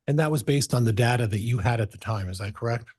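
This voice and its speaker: Man, defense attorney, husky voice, methodical courtroom questioning, mid pitch. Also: darkish tone. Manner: measured, methodical questioning with hesitations.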